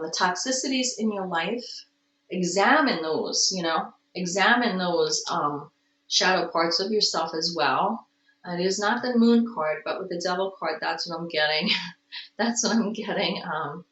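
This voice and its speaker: A woman's voice: fairly low pitch, a little slow, a bit bright, a little hiss or hum. A woman giving a casual tarot reading at home, with stretches where she coos baby talk to her cat. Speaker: tarot reader. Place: home room. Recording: roomy, distant, dull home recording.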